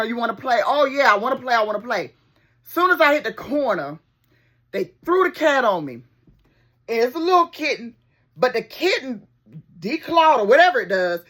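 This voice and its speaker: A middle-aged woman, telling a childhood story to her viewers in an animated, folksy way. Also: a little high. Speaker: therapist and video host.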